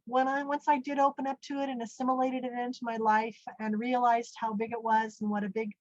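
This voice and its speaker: Earnest storytelling woman, slightly high voice. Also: flat delivery, a little fast, no room sound, lo-fi sound. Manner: earnest, rambling, full of "you know" and "literally". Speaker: guest recounting a near-death experience. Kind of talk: conversational storytelling.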